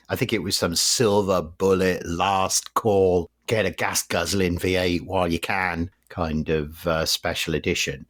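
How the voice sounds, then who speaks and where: Low voiced english guy, middle aged, rambling wry car podcast chat, dry close mic. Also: fairly even intonation, a little slow, a bit bright, no echo. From England. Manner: wry, blunt, rambling, swears freely. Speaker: podcast host. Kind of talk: casual car review chat.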